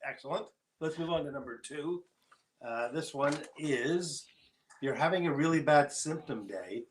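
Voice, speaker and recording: A man's voice: on the high side, animated, measured pace, a little hiss or hum. A man co-hosting a casual podcast, reading out scenarios and laughing easily. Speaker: podcast co-host.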